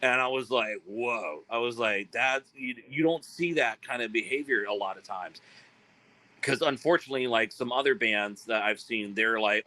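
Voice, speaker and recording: A man from South Carolina, a guest telling animated stories in a casual interview and acting out quoted voices. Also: fairly low pitch, moderate pace, low-quality recording. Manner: animated, acts out quoted voices, many fillers. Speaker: guest, band frontman.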